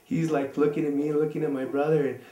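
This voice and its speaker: A man's voice: fairly high pitch, flat delivery, fast talker, dark tone, reverberant, dull audio, slight background noise. A man telling a personal story in a casual, rambling way, full of fillers.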